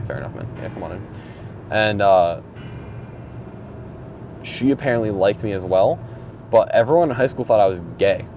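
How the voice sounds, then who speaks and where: Faint road noise and vehicle sounds accompany a young vlogger driving his car, whose fairly low, darkish voice carries a casual, profane ramble of mumbled, exasperated complaints.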